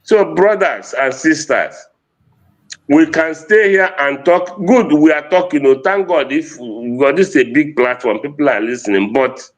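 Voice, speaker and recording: A man's voice: fairly high pitch, a little slow. Impassioned Nigerian Igbo-accented man. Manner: impassioned, mixing English and Igbo. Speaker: activist speaker. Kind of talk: impassioned livestream talk.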